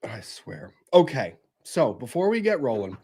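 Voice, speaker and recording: A man hosting a casual livestream chat, excitable and quick to laugh. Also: medium pitch, slightly rough. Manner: giggly, excitable, laughs often. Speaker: host.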